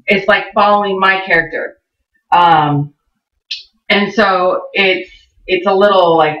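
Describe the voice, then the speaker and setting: A woman's voice: lowish voice, unhurried, long pauses, a bit bright. A woman co-hosting a podcast, telling a long, profane, rambling story in casual chat. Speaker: podcast co-host. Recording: roomy, distant, dull lo-fi sound.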